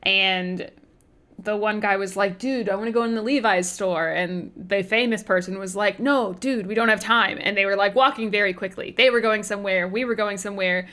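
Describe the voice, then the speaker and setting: A woman's voice: medium pitch, fairly even intonation, moderate pace, sharp tone. A woman co-hosting a podcast in casual chat, laughing often between phrases. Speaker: podcast co-host.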